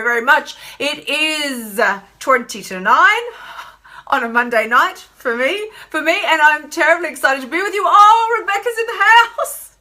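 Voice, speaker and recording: A woman's voice: a little high, bright, forceful tone. An Australian woman coaching on emotional eating during a Facebook live stream, bubbly and effusive, laughing often.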